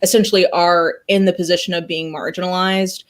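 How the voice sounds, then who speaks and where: Animated critical woman on a call. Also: lowish voice, fairly quick. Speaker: book club panelist. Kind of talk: casual video call discussion. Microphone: video call.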